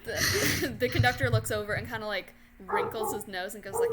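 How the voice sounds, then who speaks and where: A woman's voice: fairly high pitch, big pitch swings, a little fast, few pauses, very noisy. A woman narrating a tabletop game as game master, loose and giggly, voicing the other characters. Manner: giggly, loose, frequent laughter.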